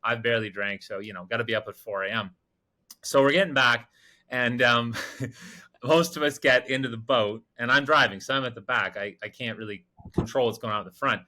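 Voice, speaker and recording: A man co-hosting a podcast, telling a field story in casual chat, animated and acting out other people's lines. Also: medium pitch, a little fast. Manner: animated, mimics others with raised voice and swearing. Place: remote field camp in the Amazon.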